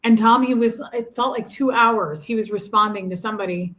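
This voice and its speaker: A woman's voice: a little high, brisk, a bit bright. A woman in her forties co-hosting a livestream, chatting casually and bluntly, greeting viewers and swearing freely. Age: 40s. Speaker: co-host of a livestream. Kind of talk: casual chat reading viewer comments.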